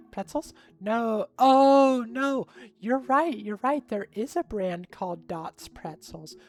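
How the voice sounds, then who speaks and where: A bubbly young woman chats with her stream audience in an unhurried, easy way and keeps breaking into laughter. Her pitch sits mid-range for a woman, and faint music plays behind her. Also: sing-song. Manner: bubbly, chatty, laughs often, talks to chat. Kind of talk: casual live-stream chat.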